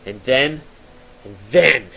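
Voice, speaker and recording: A man's voice: mid-range voice, animated, takes it slowly, creaky, pushed and bright. A young man telling a story casually to his stream chat, with rambling fillers and mock-horror drama.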